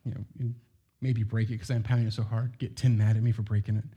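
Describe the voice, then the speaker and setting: A man's voice: lowish voice, flat delivery, quick pace, dark tone, husky. A middle-aged man preaching a sermon in a loose, conversational way, full of asides and rhetorical questions.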